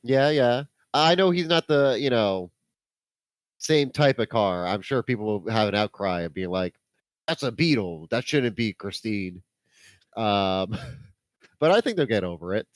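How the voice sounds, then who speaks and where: On a movie podcast, a male co-host casually riffs and tosses out deadpan jokes. His voice is on the low side, smooth and unhurried, with no room sound.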